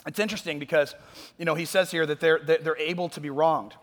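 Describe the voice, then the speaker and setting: A male pastor with a fairly high voice preaches in a casual, conversational way. He climbs to loud emphatic points, then drops to hushed asides. A long reverb trails after his words, as in a large hall. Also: steady tone, fast talker. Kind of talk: sermon.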